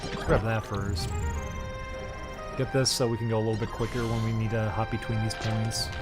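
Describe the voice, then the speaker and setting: Loud music runs beneath a man's lowish, level-toned voice as he streams a game at a moderate pace. His commentary is casual and easygoing, punctuated by loud, laughing outbursts.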